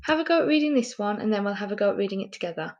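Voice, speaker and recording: A woman teaching a recorded phonics lesson to young children, sounding out words patiently and asking gentle teacherly questions. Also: mid-range voice, expressive, very fast, muffled recording. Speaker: primary school teacher.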